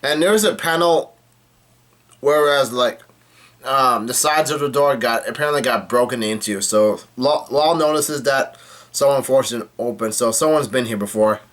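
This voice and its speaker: Halting man recapping a comic chapter. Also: medium pitch, a bit bright. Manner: halting, with frequent restarts and pauses.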